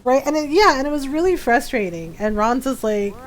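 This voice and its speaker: A woman's voice: high-pitched, big pitch swings, brisk, faint music behind. A woman streamer in casual chat on a live stream, telling an anecdote and laughing often as she acts out what people said. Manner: chatty storyteller, laughs often, acts out quotes. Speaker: game streamer.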